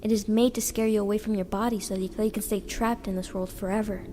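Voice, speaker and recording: A woman voicing a gentle young girl who guides a boy through a dream world, earnest and reassuring. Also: mid-range voice, steady tone, fast, noisy background, lightly acted. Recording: reverberant with background music.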